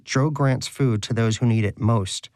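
A man's voice: mid-range voice, a little slow, darkish tone, close to an everyday voice. A man voicing a pious, bitter, hungry male pet rodent who talks in a preachy, indignant way.

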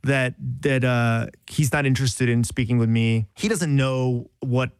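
A man's voice: medium pitch, unhurried, clear, resonant tone, no room sound, studio quality. A man, a journalist, telling a self-deprecating story on a podcast in a rambling, casual way with frequent restarts.

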